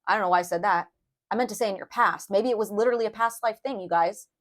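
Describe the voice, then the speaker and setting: Young woman doing a tarot reading, super chatty, lots of um and like, talks straight to viewers, middle pitch. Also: fast talker. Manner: chatty, addresses viewers as "you guys", many fillers. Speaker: tarot reader. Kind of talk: casual tarot reading to camera.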